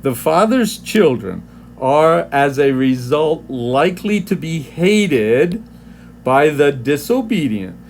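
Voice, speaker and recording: A man leads a devotional Bible study, reading commentary passages aloud and unpacking them at a very unhurried pace. His voice sits a little high for a man, and he often restarts phrases as he works through the text. A faint hiss runs underneath. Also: very animated, a little mellow. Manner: slow, deliberate, reads from commentaries with frequent restarts. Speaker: Bible teacher.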